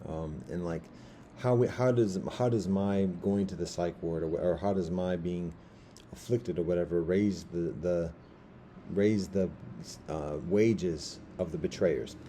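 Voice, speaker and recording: A man in his fifties giving a rambling personal monologue, halting as he repeats words and restarts his sentences. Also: low-pitched, dark tone, slight background noise.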